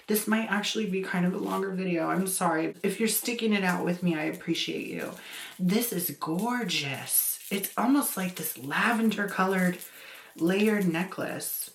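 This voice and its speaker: A woman vlogger opening gifts in a casual chat, gushing and exclaiming, with laughs between her words. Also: on the low side. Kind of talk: casual gift-opening vlog. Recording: echoey room with faint noise.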